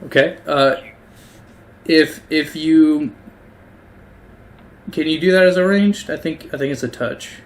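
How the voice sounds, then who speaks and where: A man's voice: a little high, slow pace, pauses often. A man narrating a tabletop game as game master, casual and hesitant with many fillers.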